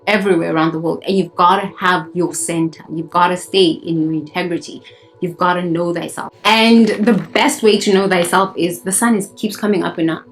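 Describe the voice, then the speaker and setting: A woman's voice: on the low side, fairly even intonation, brisk, soft background music, low-quality recording. A woman from Africa, a spiritual coach preaching bluntly and emphatically to her phone camera outdoors in the sun, repeating herself for effect. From South Africa. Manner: emphatic, blunt and fiery, with swearing and repetition. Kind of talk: preachy self-help monologue to camera.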